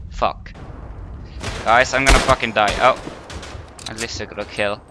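A man's voice: lowish voice, steady tone, unhurried, music in the background. A man commenting on his own game play, panicky, profane and self-mocking. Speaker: gamer. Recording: game gunfire and explosions behind voice.

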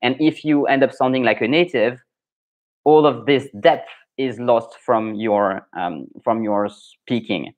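A man's voice: medium pitch, unhurried. A young adult man with a French accent, a French pronunciation coach chatting through a live Q&A lesson, thinking aloud with many fillers and restarts.

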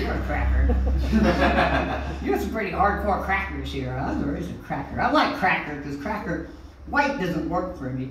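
An older stand-up comedian rambles through a profane set on a comedy club stage, his mid-range voice making loud swings. It was picked up by a distant mic in an echoey room, with slight background noise.

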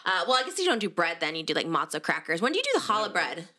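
A woman's voice: on the low side, very animated, rapid-fire, bright, forceful tone. A young woman hosting a podcast, chatting casually and enthusiastically about food. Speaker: podcast host. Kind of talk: casual chat.

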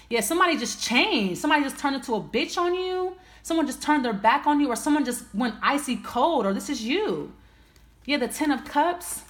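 A woman reads tarot casually, blunt and profane, thinking out loud as she draws each card. Her fairly high, slightly bright voice moves quickly with lively intonation, and the room echoes noticeably.

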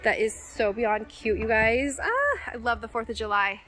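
Bubbly woman walking a big store w her phone, kinda high voice, gushing "you guys", faint music behind. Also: very animated, moderate pace, pushed and bright, rough recording. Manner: gushing, chatty, addresses viewers as "you guys". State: out of breath. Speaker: vlogger. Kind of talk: store walk-through vlog. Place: large warehouse store.

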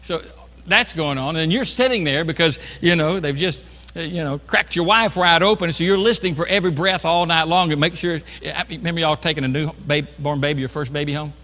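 A man's voice: a little high, fairly quick, bright, forceful tone. A middle-aged man, a pastor telling a self-mocking story in a sermon, chatty and full of restarts. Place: church sanctuary. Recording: reverberant church hall.

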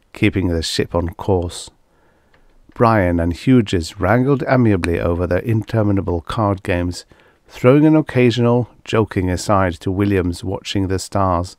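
A man reading a vintage science fiction story aloud as an audiobook narrator, in a measured storytelling manner. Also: sits low, a little mellow, no echo, studio quality.

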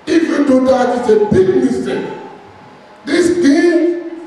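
A man preaching a sermon as pastor, speaking with passion and long pauses between phrases. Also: extremely high pitch, mellow, far from the mic, a little hiss or hum. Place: church hall. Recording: echoey hall, heard from afar.

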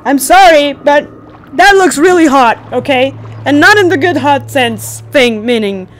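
A woman's voice: high voice, expressive, a little slow. A young woman hosting a gaming video, playing a VR game, screaming, swearing and laughing nervously as she plays. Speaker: gaming channel host. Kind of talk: let's play commentary.

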